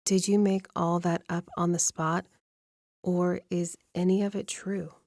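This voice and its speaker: A woman voicing a flustered young woman in an audiobook, speaking in a sharp, demanding way. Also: on the low side, little pitch movement, unhurried, no echo, clean studio sound. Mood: angry.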